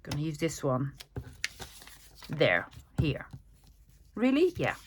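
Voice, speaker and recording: A woman's voice: deep voice, wildly swooping pitch, takes it slowly, noisy background. A woman from the Netherlands with a Dutch accent, hosting a casual craft-along chat and talking to herself as she works. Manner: chatty, talks to herself while working. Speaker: crafting channel host.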